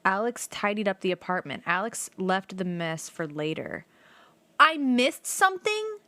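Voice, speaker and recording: With an unhurried, mid-range voice and no echo, a young woman chats her way through a video game stream. Her let's-play talk is rambling and animated, peppered with "like" and the occasional swear word.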